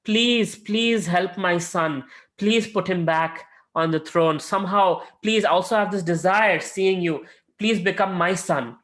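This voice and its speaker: A man's voice: high-pitched, measured pace, a bit bright. A man playing the mother goddess Aditi, begging a deity to help her son in a raised, pleading voice. She repeats her pleas earnestly, telling the story like a devotional lesson.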